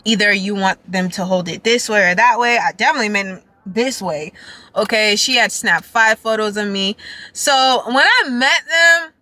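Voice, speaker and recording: A young woman vlogging casually, telling an excited, rambling story full of "like" and "y'all". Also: medium pitch, normal speed, dry recording. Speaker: dance vlogger.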